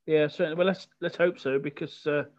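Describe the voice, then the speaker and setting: A man with a Birmingham accent hosting a podcast in a fairly monotone way. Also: on the high side, a little fast, a little hiss or hum. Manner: self-described monotone. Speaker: podcast host. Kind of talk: casual podcast chat. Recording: dull lo-fi sound.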